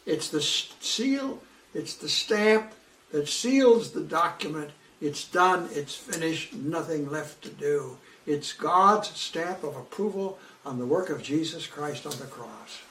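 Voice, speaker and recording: A man's voice: on the high side, far from the mic. Fervent male preacher in an echoey room. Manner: fervent, emphatic, repeats phrases. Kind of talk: sermon.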